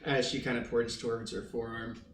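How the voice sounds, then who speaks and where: A man's voice: medium pitch, level tone, brisk. A man acting as game master of a tabletop game, laid-back and hesitant, with many fillers. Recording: roomy distant mic, faint noise.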